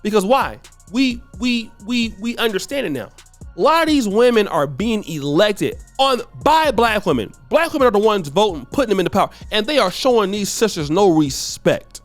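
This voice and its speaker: A man's voice: high voice, big pitch swings, moderate pace, dry recording, faint music behind. A man hosting an opinion commentary, talking emphatically and repeating himself as he builds his points. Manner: emphatic, repetitive, conversational. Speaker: commentary channel host.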